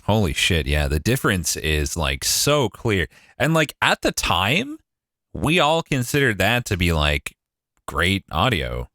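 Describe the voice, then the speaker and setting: A man's voice: sits low, huge pitch swings, measured pace, bright, forceful tone, no room sound. A man chatting casually on a livestream, swearing freely and saying "like" a lot, recorded on a studio condenser mic at home.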